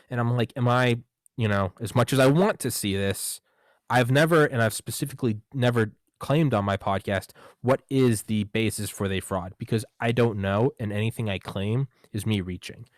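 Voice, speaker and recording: A man hosting a podcast in a casual monologue, talking in an animated way with swearing, rhetorical questions and quick asides. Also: mid-range voice, no echo. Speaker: podcast host.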